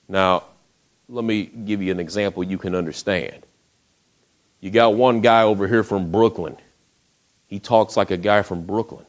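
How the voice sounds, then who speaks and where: A man preaching a sermon, retelling the story in a folksy way with acted quotes, often dropping to a hush. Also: on the low side, normal speed.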